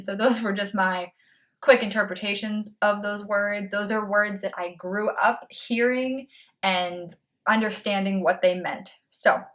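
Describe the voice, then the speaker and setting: Chatty woman with a light Boston accent. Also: medium pitch. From Massachusetts, north of Boston. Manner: chatty and playful, lively on word lists. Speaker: BookTube vlogger. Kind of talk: casual vlog to camera.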